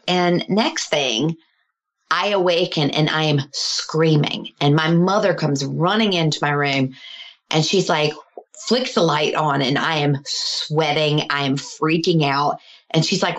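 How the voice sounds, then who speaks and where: A middle-aged woman who works as a healer speaks in a low, slightly slow voice. She earnestly shares a personal story in conversation, animatedly acting out the voices of the people involved.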